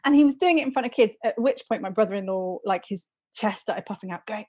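Animated woman telling a story. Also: a little high, quick pace, few pauses. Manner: animated storytelling, laughs often. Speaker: podcast co-host. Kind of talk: casual chat.

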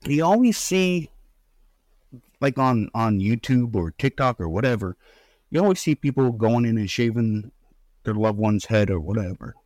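A man's voice: mid-range voice, animated, moderate pace, darkish tone, dry recording. A middle-aged man telling a painful family story in an interview, rambling with restarts and fillers while holding back tears. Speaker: guest, bereaved father. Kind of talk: emotional personal storytelling in an interview.

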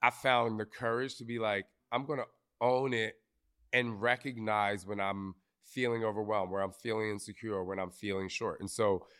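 A man's voice: lowish voice, flat delivery, normal speed, a bit bright, clear, resonant tone. A man hosting a live podcast recording, talking candidly and emotionally to an audience, swearing casually. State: briefly tearful. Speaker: podcast host.

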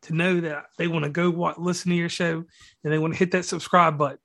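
Male podcast host, fairly high pitch, rambling slangy praise. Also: level tone, fast, vocal fry, a bit bright. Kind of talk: casual interview talk.

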